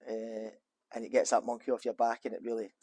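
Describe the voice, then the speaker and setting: A man in a middle-pitched voice answers interview questions in an office. He rambles, restarting his sentences and filling gaps as he goes. The sound is close and dry. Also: completely flat delivery, quick pace, dark tone, dry recording. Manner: rambling, with frequent restarts and fillers. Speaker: former footballer, interview guest. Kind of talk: casual interview chat.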